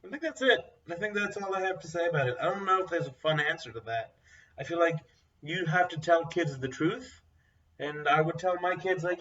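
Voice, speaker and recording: A man's voice: a little high, brisk, a bit bright. A young man chatting casually as a co-host. He talks bluntly and rambles, full of fillers. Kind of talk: casual chat. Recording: dull, distant mic sound.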